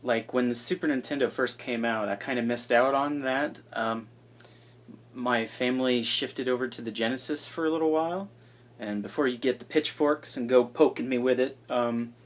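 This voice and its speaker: A man in his twenties chatting casually and self-deprecatingly, with hushed asides, into an iPad held at arm's length. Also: medium pitch, moderate pace. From United States. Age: 20s. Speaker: vlogger introducing himself. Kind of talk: casual rambling chat.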